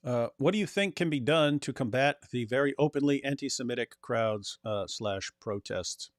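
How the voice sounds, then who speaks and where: Man, casual political chat, talkative, laughs often, average pitch, dry close sound. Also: moderate pace, dry recording. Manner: loose, chatty, laughs often, puts on mocking voices. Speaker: co-host.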